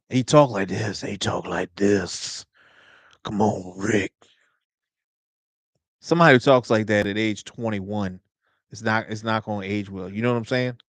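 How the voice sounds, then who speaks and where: A man hosting a livestream, reacting to a TV episode with animated, joking, slangy banter. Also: fairly low pitch, no echo. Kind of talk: casual reaction chat.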